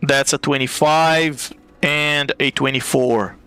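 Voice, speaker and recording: A man running a tabletop game as game master, narrating at an easy pace with frequent pauses to think. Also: medium pitch, fairly even intonation, bright, forceful tone, clean tone, no room sound, soft background music. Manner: unhurried, with many fillers and restarts.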